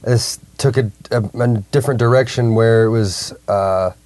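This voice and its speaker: A man co-hosting a casual TV recap podcast, rambling and halting, laughing mid-sentence. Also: medium pitch, a little mellow, no echo. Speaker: co-host.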